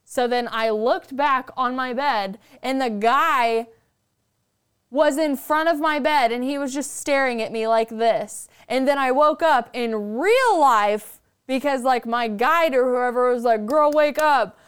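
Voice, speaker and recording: Podcast guest: a woman telling stories, casual and animated, fond of swearing, with a smooth, clear voice. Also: high voice, a little slow. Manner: animated, chatty, swears freely. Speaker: podcast guest, paranormal storyteller. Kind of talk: casual storytelling.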